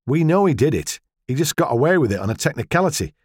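A man's voice: medium pitch, very animated, racing, breathy edge, no room sound, clean studio sound, voice pushed up. A man voicing a cheeky, blunt English husband with a teasing, sarcastic edge in an audiobook.

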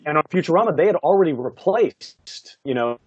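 A man, a voice actor, telling stories from his career in a casual interview, animated and laughing often, with many "you know" fillers. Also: a little high, fairly quick, husky, no echo, dull audio. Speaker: voice actor guest.

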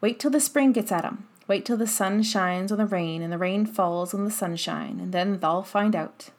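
Lady reading as a cranky old gardener, slow grunty grumbling, gets cross quick. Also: mid-range voice, lightly acted. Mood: instructive. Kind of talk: audiobook character voice.

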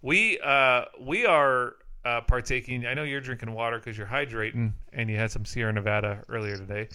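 Bright-voiced animated man. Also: mid-range voice, normal speed, clear, resonant tone. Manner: animated storyteller, acts out quotes. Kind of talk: casual chat.

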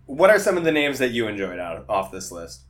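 With big swings in pitch from a mid-range base, this podcast co-host talks fairly quickly. He's reviewing a movie in a loose, casual chat that wanders into tangents and is full of fillers and laughs.

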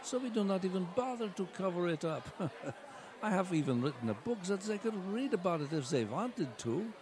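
A man voicing a menacing older male tycoon villain with a German accent, speaking slowly. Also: sits high, sing-song, crowd noise, voice pushed down.

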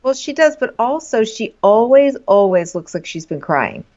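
A woman's voice: on the high side, sing-song, moderate pace, a little mellow, lo-fi sound. A woman co-hosting a comedic recap podcast, joking in a wry, dry manner. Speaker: podcast co-host.

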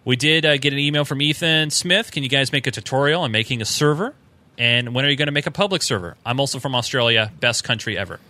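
A man's voice: mid-range voice, lively intonation, fast, pushed and bright. A man co-hosting a casual podcast, reading listener emails aloud with fillers and small chuckles.

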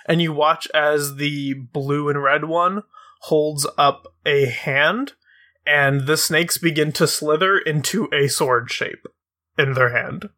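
A man narrating a tabletop game as game master, describing the scene slowly with hesitant fillers. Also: fairly high pitch, sharp tone.

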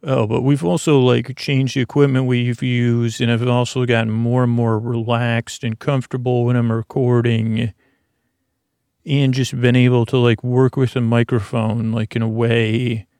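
Creaky, rambling male podcast host. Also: mid-range voice, level tone, measured pace, no echo, clean studio sound. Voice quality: creaky, gravelly voice. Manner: rambling and soft-spoken, with many fillers and restarts. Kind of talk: slow, meandering podcast talk. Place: home studio in an apartment. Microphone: prosumer podcast microphone.

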